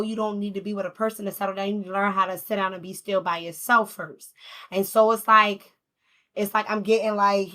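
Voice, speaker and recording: A female tarot reader rambles casually through a spread in a bright, forward voice of medium pitch, laughing often and swearing freely.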